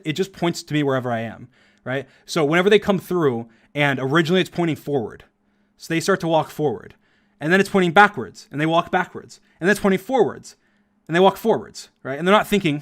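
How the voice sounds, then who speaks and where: A man casually commentating over his own gameplay footage, rambling fast with lots of fillers and frequent laughs. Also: on the high side, lively intonation, fairly bright tone.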